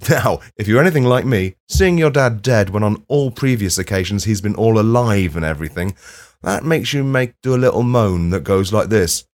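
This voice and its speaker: A low-voiced man talks through a comic podcast monologue in a dry, self-deprecating way. He swears freely and breaks into sudden loud outbursts. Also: animated, normal speed. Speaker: podcast host. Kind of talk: comedic monologue.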